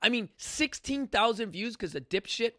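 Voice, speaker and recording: A man hosting a talk show, worked up and ranting, with a high, bright, forceful voice. He trips over his words and restarts often. The sound is dry and close. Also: expressive, normal speed, no echo. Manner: fired-up, ranting, profane, many restarts. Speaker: podcast host. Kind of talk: impassioned casual talk.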